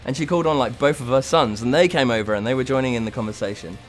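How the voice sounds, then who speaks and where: A man's voice: mid-range voice, rapid-fire, soft background music. A young British man in a rock band, telling a road-trip anecdote casually and laughing often. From United Kingdom. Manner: animated storyteller, laughs often. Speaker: band member.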